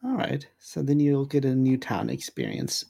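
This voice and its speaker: A woman playing in a tabletop game, cracking dry, deadpan jokes. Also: rumbling low, normal speed, vocal fry, husky. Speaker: player. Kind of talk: casual tabletop game chat.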